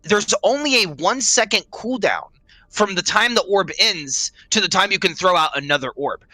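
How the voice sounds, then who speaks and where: A young man casting a competitive esports match, calling plays fast and shouting at the big moments. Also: high-pitched, expressive, dry recording. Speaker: esports caster. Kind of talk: excited esports commentary.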